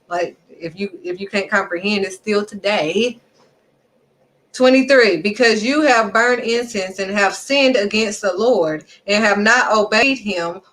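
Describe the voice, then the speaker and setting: A woman with a bright, forceful voice leads a casual Bible study. She reads scripture at a measured pace and then breaks it down in blunt, everyday speech, hammering each point with repetition. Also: medium pitch. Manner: reads scripture slowly, then paraphrases in emphatic street talk; repeats "period" for emphasis. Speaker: Bible teacher.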